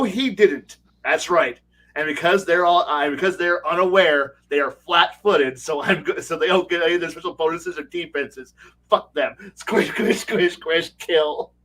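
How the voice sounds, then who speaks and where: A game master telling table stories in casual chat, animated, laughing often and swearing as he rambles. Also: fairly high pitch, distant mic, low-quality recording. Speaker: game master, regular guest.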